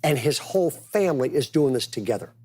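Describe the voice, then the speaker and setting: A man's voice: mid-range voice, lively intonation, a little fast, dark tone, breathy edge. A man preaching a conversational sermon as pastor, telling stories with casual, emphatic asides.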